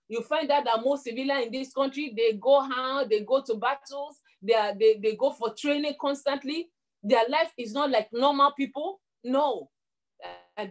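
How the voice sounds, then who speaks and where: A middle-aged woman preaching a sermon, telling a story and leading prayer in an earnest way, often repeating words as she builds her points. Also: sits high.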